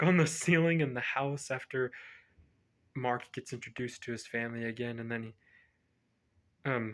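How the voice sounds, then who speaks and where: A movie reviewer with a medium-pitched, slightly bright voice retells a film's plot casually. He rambles and frequently corrects himself as he goes.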